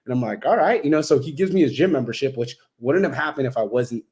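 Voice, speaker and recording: Fast-talking, foul-mouthed man on a podcast. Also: medium pitch. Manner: heavy swearing, blunt and animated, acts out quoted exchanges. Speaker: podcast guest. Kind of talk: casual podcast conversation.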